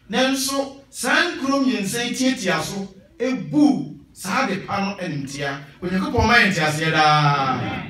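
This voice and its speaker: Man, Ghanaian accent, preacher, high voice, emphatic sermon, heavy echo, distant mic. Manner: switches between Twi and English, emphatic and animated. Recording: echoey hall from a distance.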